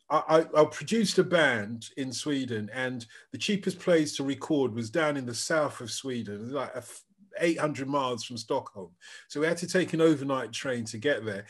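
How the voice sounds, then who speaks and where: Man, podcast co-host, husky, slightly high voice, chatty storyteller. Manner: animated anecdotal storyteller, restarts sentences. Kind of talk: casual chat.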